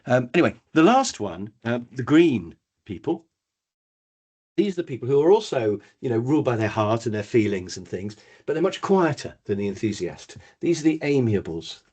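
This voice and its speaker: A man, running a live online training workshop, chatty and lively, calling on attendees by name. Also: medium pitch, normal speed, breathy edge. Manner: lively, chatty, acts out brief voices, addresses attendees by name.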